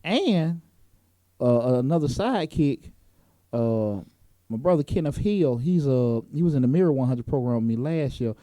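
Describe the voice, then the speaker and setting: A man's voice: medium pitch, lively intonation, normal speed, mellow, no room sound. A man hosting a talk show in a casual, joking way, with plenty of fillers. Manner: laid-back, joking, lots of fillers. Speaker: host. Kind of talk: casual chat.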